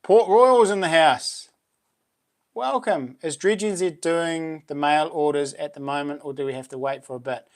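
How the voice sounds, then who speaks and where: A man hosting a casual livestream chat, laughing often and reacting excitedly to viewers. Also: a little high, normal speed. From New Zealand. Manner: chatty, laughs often, exclaims. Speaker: livestream host.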